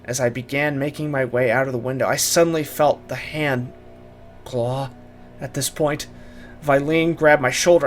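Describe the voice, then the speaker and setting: A man's voice: mid-range voice, fairly even intonation, normal speed, soft background music. A man narrating a first-person horror story, dramatic and urgent in his telling.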